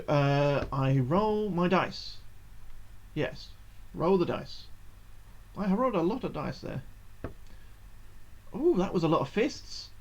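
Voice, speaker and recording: A man's voice: high voice, muffled recording. A man streaming a game, thinking aloud and reading its text in a narrator's tone. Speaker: gaming streamer.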